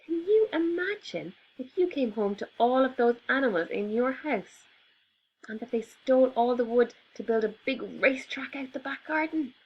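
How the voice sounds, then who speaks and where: A woman reading a picture book aloud to children in an expressive storyteller voice. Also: sits high, slightly rough, lo-fi sound. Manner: expressive, slow and deliberate.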